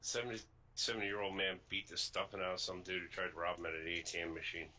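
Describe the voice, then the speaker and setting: A man's voice: sits low, level tone, fast, bright, forceful tone, low-quality recording. A man co-hosting a casual podcast, talking bluntly and joking, often repeating himself. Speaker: podcast co-host. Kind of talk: casual chat.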